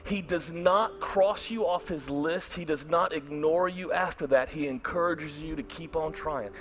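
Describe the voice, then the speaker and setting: A middle-aged man, preaching a storytelling sermon in an animated way and acting out his own thoughts. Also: fairly high pitch, unhurried. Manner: animated, acts out his own inner voice loudly. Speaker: pastor.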